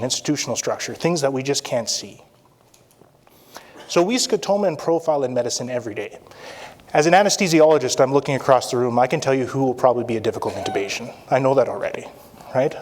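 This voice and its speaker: A man gives a conference talk to a live audience. He speaks at a middle pitch and often stops to check in with the room. His tone is that of a practicing doctor presenting to colleagues. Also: darkish tone. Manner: interactive, repeats "all right?" often. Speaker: anesthesiologist presenter.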